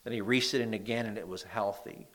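A man preaching a sermon in a church, with a nasal voice and lively emphasis when reading scripture. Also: fairly low pitch, fast talker. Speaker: pastor.

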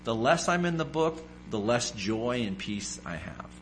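A man's voice: mid-range voice, expressive, unhurried, background noise. A man preaching a sermon, emphatic and repetitive, firing off rhetorical questions.

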